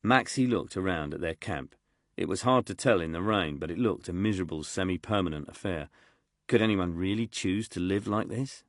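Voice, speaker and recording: A man reading an audiobook in a steady, measured way. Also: low voice, no room sound, clean studio sound. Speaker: audiobook narrator. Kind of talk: scripted narration.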